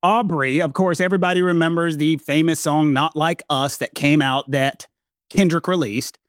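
A man, a guest expert, explaining a legal case at length in a relaxed way. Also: fairly high pitch, normal speed, no room sound, clean studio sound. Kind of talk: explanatory conversation.

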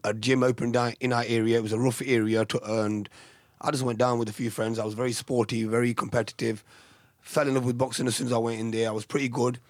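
Soft-spoken man recalling his past. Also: mid-range voice, flat delivery, quick pace, no room sound. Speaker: guest, former boxer. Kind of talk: casual podcast interview.

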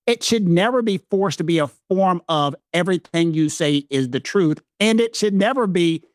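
A man's voice: high voice, lively intonation, normal speed, no room sound, clean studio sound. A man co-hosting a casual chat, making his points emphatically in long run-on sentences. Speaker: co-host.

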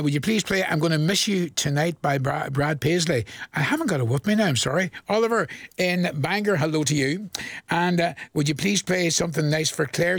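Chatty gravelly radio man. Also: fairly high pitch, dry recording, clean studio sound. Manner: chatty, rambling, laughs at own jokes. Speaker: radio presenter. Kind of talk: country music radio request show. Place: radio studio. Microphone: studio mic.

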